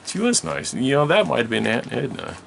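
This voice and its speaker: A man's voice: medium pitch, creaky, a bit bright, a little hiss or hum. A man casually telling a personal story, rambling and correcting himself often.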